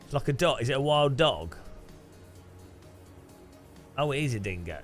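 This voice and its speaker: A man's voice: mid-range voice, lively intonation, moderate pace, faint music behind. A man hosting a casual livestream, reading out viewer donations and reacting to them with puzzled, laughing chatter. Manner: bemused, chatty, laughs often and swears. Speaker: streamer host. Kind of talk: casual livestream chat while racing.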